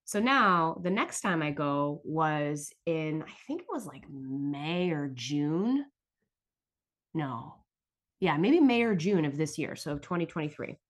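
A woman's voice: low-pitched, lively intonation, slow. Emotional, cursing woman telling a story. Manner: emotional, swearing, lots of "like". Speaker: podcast host. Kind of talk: casual storytelling.

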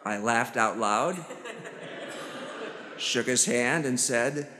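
A priest with a Chicago accent preaching a sermon, telling stories with self-deprecating humor. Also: male voice, mid-range voice, extremely slow, bright, forceful tone. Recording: church hall reverb.

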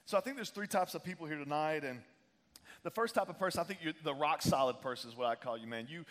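A young male pastor, preaching a casual, animated sermon full of fillers and restarts. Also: fairly high pitch, fast, big-room sound.

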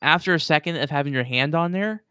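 A man's voice: a little high, fast talker, bright, forceful tone, clean tone, no echo, studio quality. A man narrating as game master in a casual tabletop game, with loose narration full of fillers.

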